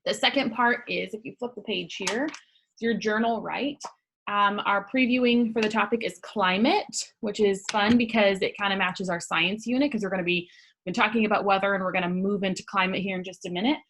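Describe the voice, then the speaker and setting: A woman's voice: mid-range voice, a little fast, a bit bright, slight background noise. Young female grade-school teacher, remote class, cheerful step-by-step explainer. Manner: upbeat, patient, explains step by step. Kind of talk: remote lesson to young students.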